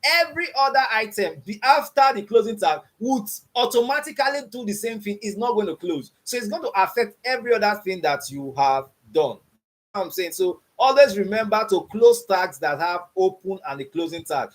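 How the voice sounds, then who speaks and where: Brisk and high-pitched, with lively intonation and a fairly bright tone, a man leads an online coding class for newcomers. He repeats "you understand what I'm saying?" and drills learners with open-ended "what?" questions.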